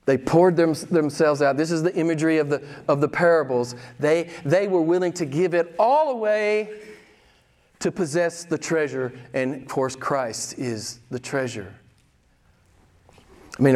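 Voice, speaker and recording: Speaking at a normal speed, this pastor in his sixties has a slightly high, somewhat mellow voice. In the church sanctuary he delivers a frank, conversational sermon, challenging the congregation with pointed questions.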